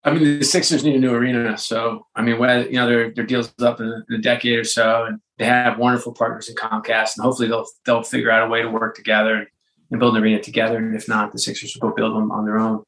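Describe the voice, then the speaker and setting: Guest spot: gravelly male executive, chatty, animated, tells stories with lots of restarts. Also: medium pitch, fast, low-quality recording. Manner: animated storyteller with frequent restarts and fillers. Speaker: interview guest, sports executive and author. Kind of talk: casual conversational interview.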